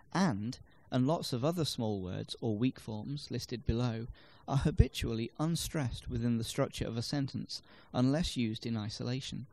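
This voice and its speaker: A man with a dark, medium-pitched voice narrates scripted instruction for a language lesson. Measured and explanatory, he uses example sentences to show where the stress falls in words.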